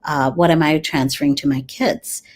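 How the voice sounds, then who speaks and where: A woman in her forties with a notably low, deep voice speaks as an interview guest. She talks earnestly and reflectively, stopping often with pauses and fillers as she gathers her thoughts. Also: fairly even intonation, a little hiss or hum. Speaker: dentist and grief coach guest. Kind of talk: conversational interview.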